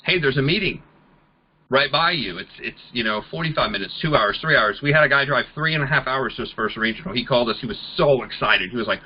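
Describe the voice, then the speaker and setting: A man giving a network marketing training talk, an animated storyteller who acts out the people he quotes. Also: mid-range voice, fast, slightly rough, muffled recording.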